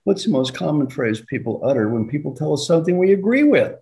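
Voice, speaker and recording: An older man, an executive coach, telling stories in an animated way and acting out dialogue with laughs. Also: on the high side, fast talker, vocal fry. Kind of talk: storytelling leadership talk.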